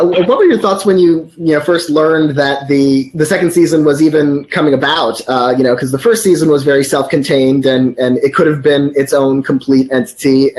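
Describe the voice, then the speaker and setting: A man's voice: mid-range voice, a little mellow. A man interviewing an actress, asking long, rambling questions full of fillers.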